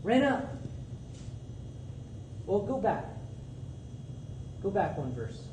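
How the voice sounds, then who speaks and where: Earnest preacher, heard from a distant mic. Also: male voice, high voice, big pitch swings, very slow. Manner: conversational and earnest, repeats phrases for emphasis. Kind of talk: sermon. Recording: distant mic with faint background noise.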